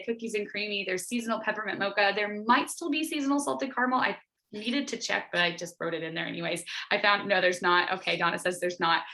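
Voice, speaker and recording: A woman's voice: medium pitch, sharp tone. A woman fitness coach telling her own story on a group call, chatty and full of "like" fillers, acting out what she said back then. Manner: chatty, lots of "like" fillers, acts out her own past lines. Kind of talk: casual testimonial on a group call.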